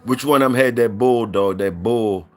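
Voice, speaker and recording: A man's voice: mid-range voice, a little fast. A man hosting a casual livestream, reading out viewer comments and saluting people in a loose, repetitive drawl.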